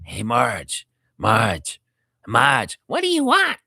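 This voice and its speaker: A man doing a mocking impression of a team executive, in a put-on gruff bad-guy voice, raspy like a heavy smoker. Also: medium pitch, wildly swooping pitch, takes it slowly, sharp tone, no echo, clean studio sound, heavily acted. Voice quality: gravelly put-on voice, raised.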